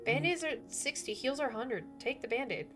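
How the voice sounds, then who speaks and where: A woman chatting casually while gaming, quickly explaining tactics to a teammate. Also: high voice, music in the background.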